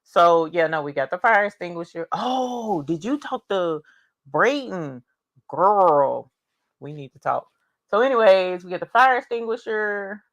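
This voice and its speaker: A woman's voice: on the low side, unhurried, dry recording. A woman hosting a casual livestream from her home craft studio. She chats in a rambling way, greets viewers, reads out their comments and laughs often. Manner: animated, with bursts of laughter and cheering.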